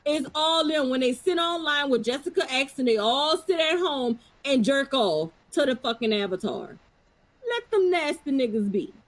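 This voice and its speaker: A woman's voice: high-pitched, lively intonation, moderate pace, rough recording. A woman on a live stream panel in heated, profane casual chat.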